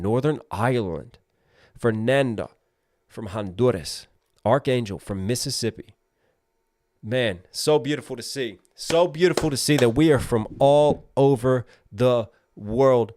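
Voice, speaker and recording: A man in his thirties from Maryland, hosting a live stream, rattling off viewer shout-outs at speed before closing with a calm, reflective message to his audience. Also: mid-range voice, no room sound, studio quality. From Maryland, USA. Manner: rapid roll-call of viewer names, then slower and reflective. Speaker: livestream host.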